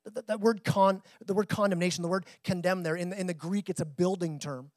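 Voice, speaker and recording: A man's voice: high voice, steady tone, a little fast, darkish tone, no room sound. A man preaching a sermon to his church in a conversational way, repeating words as he builds and drops his intensity. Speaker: pastor.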